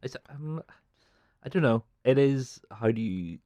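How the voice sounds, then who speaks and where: A man's voice: medium pitch, expressive, mellow, no echo. Northern irish guy, bouncy up-and-down voice, cheeky jokes, dry sound. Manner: playful, quick with crude jokes. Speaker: podcast guest, filmmaker. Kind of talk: casual chat.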